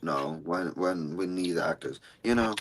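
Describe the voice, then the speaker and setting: A man's voice: deep voice, unhurried, a little hiss or hum, low-quality recording. A man co-hosting a casual chat, playful and emotional as he tells stories. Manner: playful, emotional, animated storytelling. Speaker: co-host.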